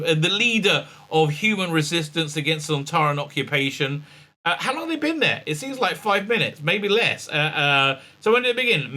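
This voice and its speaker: A man casually recapping a show episode, sarcastic and rambling, with many fillers and mocking high-pitched quotes. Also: bright, forceful tone. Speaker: reviewer and show host.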